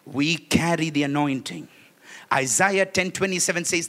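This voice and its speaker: A man's voice: fairly high pitch, moderate pace, pushed and bright. A man preaching a sermon to a congregation in a church, leading call-and-response and laughing often.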